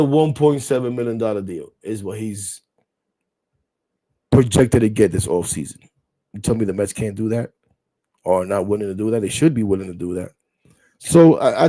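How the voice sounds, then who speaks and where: A man's voice: lowish voice, dark tone. Blunt rambling male sports show host. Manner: rambling, blunt, swears casually, addresses viewers. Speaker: podcast host. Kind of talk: casual live sports talk.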